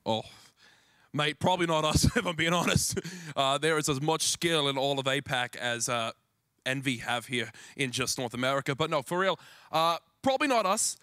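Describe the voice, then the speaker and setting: Australian man, young, deadpan jokes, bright forceful voice, dry close sound. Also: medium pitch, normal speed, no echo. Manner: deadpan joker. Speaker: pro gamer guest. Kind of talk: joking interview. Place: event stage.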